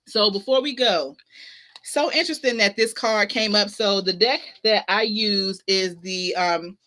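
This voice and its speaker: Bright-voiced woman giving an emphatic pep talk. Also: mid-range voice, measured pace. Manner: emphatic, preachy, repeats phrases with slang. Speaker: host of a spiritual talk show. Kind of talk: casual motivational livestream talk. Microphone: ring light setup, webcam-style stream.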